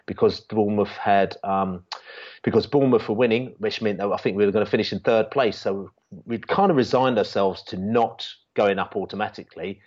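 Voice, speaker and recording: A guest of a football fan channel, this man has a fairly low-pitched, darkish voice. His long fan story wanders in casual chat with plenty of restarts and fillers, and the audio is dull lo-fi.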